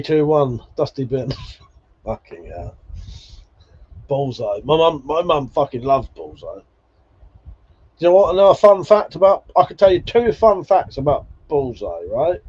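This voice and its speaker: A man's voice: fairly high pitch, sing-song, unhurried, long pauses, darkish tone, breathy edge. A man hosting a casual livestream, chatting and swearing freely between laughs. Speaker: livestream host. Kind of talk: casual chat reading viewer comments. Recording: dull lo-fi stream audio.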